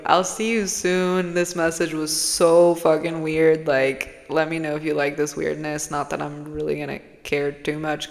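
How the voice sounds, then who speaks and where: A woman's voice: deep voice, flat delivery, measured pace, gravelly, hardly any pauses. A woman talking casually to her viewers as a spiritual channeler, rambling, swearing freely and playful. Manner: rambling, profane, playful, drifts into whispers. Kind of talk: casual personal vlog. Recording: long hall-like reverb.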